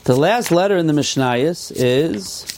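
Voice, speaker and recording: A man's voice: on the high side, animated, unhurried, background noise. A man with an American yeshiva accent teaching a Talmudic class, mixing Yiddish and Hebrew terms into his English and reading texts in a sing-song. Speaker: Torah teacher. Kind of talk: Talmudic lecture.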